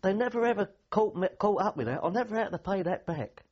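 A man's voice: high voice, animated, fast talker, muffled recording. An older man, a veteran telling rambling anecdotes with dry humour in an oral history interview.

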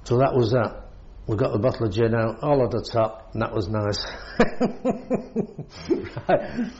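A man's voice: mid-range voice, lively intonation, a little slow, darkish tone, lo-fi sound. Older British man, war veteran, rambling storyteller who chuckles a lot, faint hiss behind. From Britain. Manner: rambling, chuckles often while telling. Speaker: war veteran recounting service. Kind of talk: oral history storytelling.

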